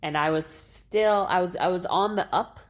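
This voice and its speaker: On the low side and at normal speed, a woman in her thirties tells a personal story as a podcast co-host. She's animated and casual, swearing freely and laughing while she talks.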